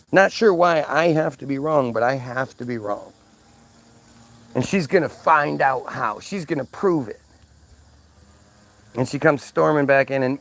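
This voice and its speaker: A man's voice: fairly high pitch, fairly bright tone. A man telling a story in a casual, exasperated rant, swearing freely and restarting often. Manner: exasperated, profane, lots of restarts. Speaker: vlogger.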